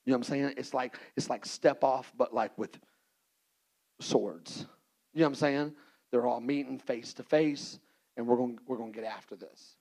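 A man preaching a sermon as pastor, animated and playful, acting out little scenes for the congregation. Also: medium pitch, normal speed, vocal fry, poor audio.

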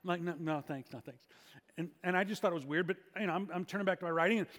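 A man preaching as pastor, telling stories with frequent restarts and hushed dramatic drops. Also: sits high, steady tone, very fast, big-room sound. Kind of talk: sermon.

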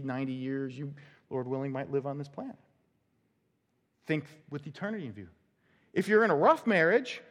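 Animated man preaching in a reverberant hall. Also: high-pitched. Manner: animated, conversational preaching with acted-out quotes and laughs. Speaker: pastor. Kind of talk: sermon. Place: church sanctuary. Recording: long church hall reverb.

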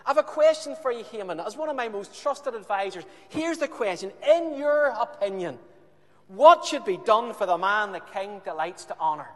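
Man voicing a loud, teasing ancient king. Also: sits high, lively intonation, normal speed, voice pushed up. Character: ancient king, grand and questioning. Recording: echoey hall.

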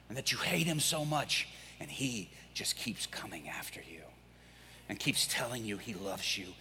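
A man voicing a hardened male prison inmate who is a remorseless killer, speaking low, slow and grave. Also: pushed and bright, long reverb tail, a little hiss or hum.

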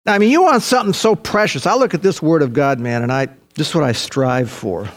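Older male preacher, earnest and emphatic, slightly high voice, repeats for effect. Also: animated, a little fast. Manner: earnest and emphatic, repeating key phrases, addressing listeners as folks. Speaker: pastor. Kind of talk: sermon.

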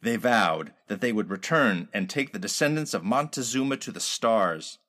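A man's voice: on the low side, lively intonation, normal speed, a bit bright. A man voicing a cunning male spy villain who talks in a smug, menacing way. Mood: scheming.

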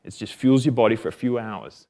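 A man's voice: fairly low pitch, animated, brisk, warm tone. A man with an Australian accent giving a casual, jokey Bible lesson, often correcting himself. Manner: chatty and jokey, self-correcting.

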